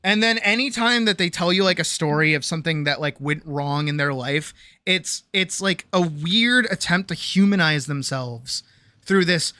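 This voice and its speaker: A streamer talks with viewers at home in a rambling, profane, self-interrupting way, trailing off mid-sentence and laughing frequently. The voice is medium-pitched, moderately paced, pushed and bright, with no echo.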